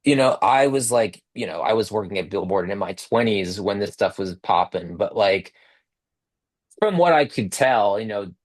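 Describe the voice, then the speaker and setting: A man in his thirties talks over a video call in a loose, rambling way, piling up filler words and restarting his sentences. His voice sits a bit low. The sound is dry and close, with almost no room around it. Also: lively intonation, moderate pace, dry recording. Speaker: author guest.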